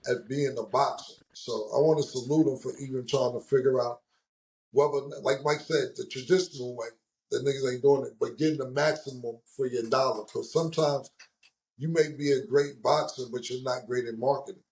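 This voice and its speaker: A man's voice: mid-range voice, fairly even intonation, fairly quick, a little mellow. A man hosting a casual sports talk show, telling stories loosely and with a lot of slang. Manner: loose slang-heavy storytelling. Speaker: host.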